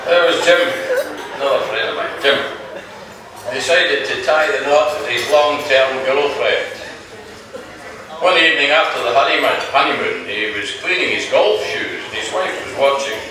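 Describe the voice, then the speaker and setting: A man's voice: mid-range voice, expressive, normal speed. A man with a Scottish accent doing a stand-up comedy routine, telling jokes in a dry way with restarts and asides. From Scotland. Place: club function room with audience. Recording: very echoey room, far from the mic, noisy.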